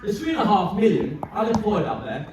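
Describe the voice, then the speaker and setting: A furious jobless working-class man rants and curses, as a man acts him out, his voice a little higher than usual. The lines bark with scornful laughter, caught from a distance in a very echoey room. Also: huge pitch swings, a little fast, noisy background. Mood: bitter rant. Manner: ranting, swearing, bitter laughs.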